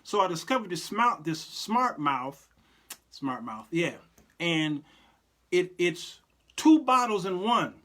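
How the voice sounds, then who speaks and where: A man's voice: high voice, big pitch swings, slow, bright, forceful tone. Laughing folksy male show host. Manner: folksy, preacherly, laughs often. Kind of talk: casual live-show monologue.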